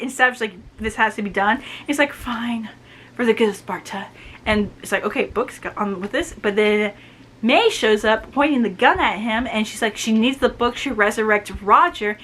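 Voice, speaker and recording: A woman casually recapping a novel's plot, retelling scenes with quick asides and quoted dialogue. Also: a little high, pushed and bright. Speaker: book reviewer.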